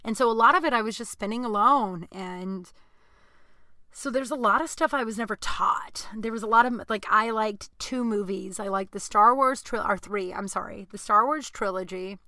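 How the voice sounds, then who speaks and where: A young woman hosting her own podcast, chatting casually and rambling, jumping between loud outbursts and mumbled asides. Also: medium pitch, normal speed, no echo, studio quality. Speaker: podcast host. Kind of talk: casual solo chat.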